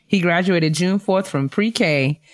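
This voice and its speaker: A woman co-hosting a podcast, reading listener shout-outs and cheering them on, laughing easily. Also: lowish voice, slow pace. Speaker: podcast co-host. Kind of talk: casual chat, reading listener emails.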